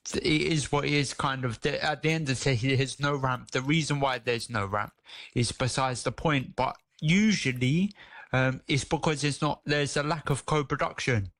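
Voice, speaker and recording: A man's voice: medium pitch, moderate pace, no room sound. A man, a regular guest on a radio show, chatting casually with slang and frequent restarts. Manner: relaxed, street slang, many restarts. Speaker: radio guest, disability campaigner. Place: radio studio.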